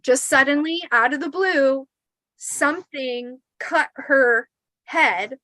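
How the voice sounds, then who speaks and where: High-voiced woman telling a spooky story. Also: slow, no room sound, low-quality recording. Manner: animated, swearing, acts out quotes. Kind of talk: casual storytelling.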